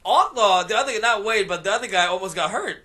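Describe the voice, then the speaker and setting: Chatting casually on a podcast, this MMA fighter spins an animated story and laughs frequently. He's a fast talker with a voice that sits high.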